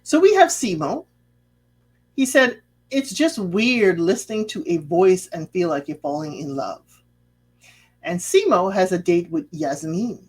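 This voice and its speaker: A woman hosting a casual reality-show recap, chatty and sassy, acting out what people said and tossing in pointed asides. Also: mid-range voice. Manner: sassy, chatty, drops asides and rhetorical questions; acts out quoted lines in a lively voice. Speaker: TV recap host.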